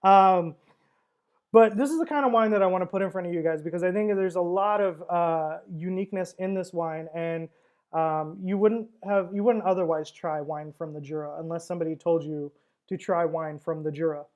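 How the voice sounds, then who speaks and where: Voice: medium pitch, moderate pace, a little mellow. A wine seller hosting a casual livestream tasting, talking in a chatty, rambling way with frequent fillers and laughs.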